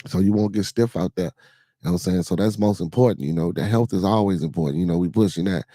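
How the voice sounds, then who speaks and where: A man with a Chicago accent hosts a casual livestream chat and rambles along with plenty of fillers. His voice sits low and mellow. The sound is dry and close, with no room around it. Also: quick pace, no echo. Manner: loose and rambling, many fillers. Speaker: podcast host.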